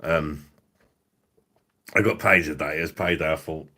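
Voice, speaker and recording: A man's voice: extremely low pitch, moderate pace, sharp tone. A man, hosting a drinks review livestream in a rambling, profane, laughing way. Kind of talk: casual livestream chat.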